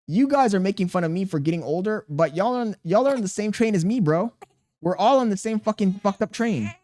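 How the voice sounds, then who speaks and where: Guy streamer, kinda high voice, cussing a lot, riffing on chat messages, slangy. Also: fairly quick. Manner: profane, joking banter with chat; slangy and animated. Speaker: live streamer. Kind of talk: casual live-stream chat, reading chat aloud.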